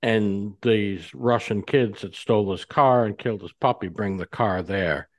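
Excited man swearing about movies, dry mic. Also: fairly low pitch, measured pace, no room sound. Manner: animated, excited, swears freely. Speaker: podcast co-host. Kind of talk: casual movie discussion.

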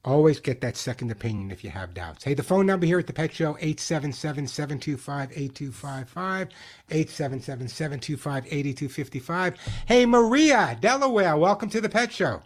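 A man hosting a call-in pet radio show, giving emphatic advice with quick jokes. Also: fairly high pitch, expressive.

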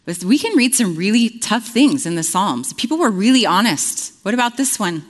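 A woman's voice: mid-range voice, lively intonation, moderate pace, in a large hall. A woman preaching a conversational sermon, earnest and storytelling, with frequent fillers.

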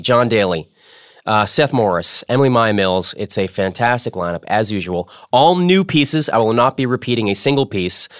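A man's voice: mid-range voice, clean tone, no echo, clean studio sound. Playful, jokey man hosting a podcast. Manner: playful, jokey, self-mocking. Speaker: podcast host. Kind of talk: casual podcast chat.

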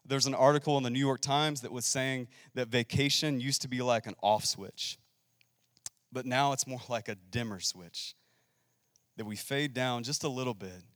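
Emphatic preacher in a big hall. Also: male voice, mid-range voice, studio quality. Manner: emphatic, swings from loud to hushed. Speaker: pastor. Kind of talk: sermon.

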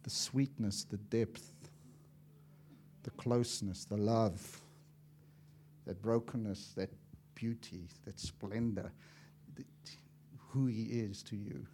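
A man preaching a sermon as an evangelist, impassioned and swinging from loud to hushed, acting out little dialogues as he tells stories. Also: lowish voice, fairly even intonation, slow, long pauses, slight background noise. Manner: acts out dialogue in storytelling.

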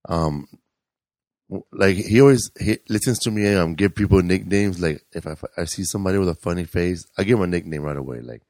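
A man's voice: low voice, fairly quick, a little mellow, dry recording. A man co-hosting a podcast, telling stories about neighbors in a loose, rambling way with lots of hesitation. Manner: rambling, hesitant, many fillers and restarts. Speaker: podcast co-host. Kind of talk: casual storytelling chat.

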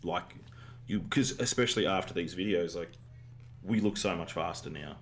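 A man with an Australian accent co-hosting a podcast, talking games casually and excitedly in laid-back slang. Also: low voice, moderate pace, creaky, soft background music. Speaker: podcast co-host. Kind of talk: casual gaming chat.

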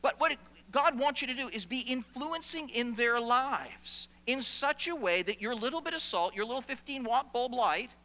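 High, bright-voiced pastor preaching. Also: male voice. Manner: animated preaching, playful asides to the congregation. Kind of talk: sermon. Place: church sanctuary. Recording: long hall reverb.

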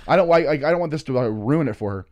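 A man in his thirties telling a wild story, animated and swearing, acting out what people said. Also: fairly high pitch, very fast, dry recording. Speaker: comedian guest. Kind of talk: casual storytelling. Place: studio.

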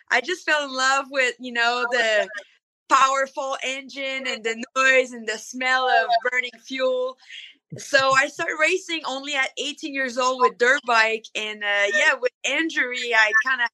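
A woman's voice: high voice, pushed and bright, no room sound, poor audio. A woman with a French accent, a monster truck driver talking hesitantly in a radio interview. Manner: hesitant, many fillers.

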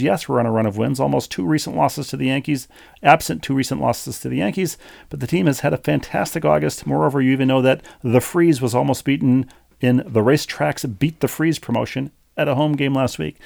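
Gravelly-voiced man reading listener mail. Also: mid-range voice, darkish tone, dry recording. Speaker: podcast co-host. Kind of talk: casual podcast chat, reading listener email.

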